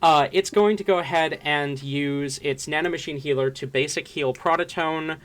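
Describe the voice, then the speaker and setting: A man narrating as game master in a tabletop game, unhurried with many ums and uhs. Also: on the high side.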